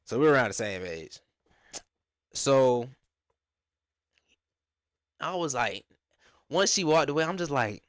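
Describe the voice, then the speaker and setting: A man's voice: mid-range voice, unhurried, long pauses, no echo, studio quality. A young man from Atlanta, telling a casual slangy story and acting out the quotes. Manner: animated slangy storytelling with lots of acted-out quotes. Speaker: storyteller vlogger.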